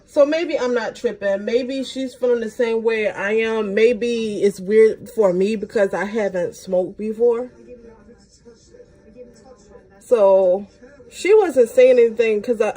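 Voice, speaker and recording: Applying her makeup, a young woman who runs a beauty channel chats through a casual anecdote. She uses plenty of slang, and excitement sends her voice leaping upward.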